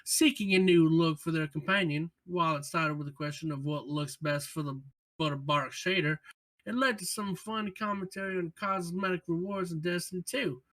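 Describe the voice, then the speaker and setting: Male co-host, bright tense tone, emphatic, casual chat and read-alouds. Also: on the high side, normal speed. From United States. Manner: emphatic, exasperated outbursts. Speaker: podcast co-host. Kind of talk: casual gaming podcast chat and reading patch notes aloud.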